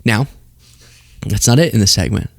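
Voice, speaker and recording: A man's voice: fairly low pitch, normal speed, gravelly, no echo. Sarcastic man hosting political commentary. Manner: sarcastic, often laughing.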